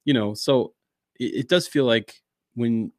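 Co-hosting a church podcast, a man talks casually about faith in a mid-range voice at a measured pace. He laughs often and acts out characters in funny voices, and the recording is studio quality with no echo.

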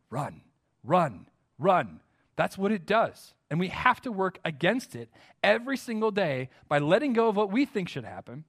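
A man's voice: sits high, fairly bright tone. An American man preaching a sermon, earnest and emphatic, often putting direct questions to his listeners. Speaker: pastor.

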